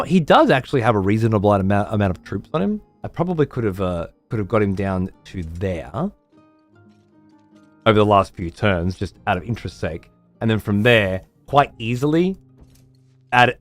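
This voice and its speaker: A man streams a strategy game in a low, relaxed voice. He chats with viewers and mutters to himself, swearing freely. Faint music runs underneath. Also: no echo. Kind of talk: casual gameplay commentary.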